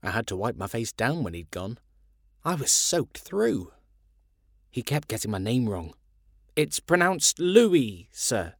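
A man reading children's stories aloud in a playful, animated way. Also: lowish voice, measured pace, creaky, long pauses, no echo, clean studio sound. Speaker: reader.

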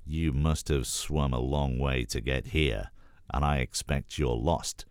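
A man doing a calm, measured leopard guardian. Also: a bass voice, no echo, studio quality. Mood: stern.

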